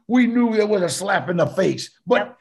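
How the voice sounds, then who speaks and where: An older man, a guest actor telling stories in casual talk, animated and halting with many fillers. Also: high voice. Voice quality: gravelly, husky voice. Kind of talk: casual storytelling.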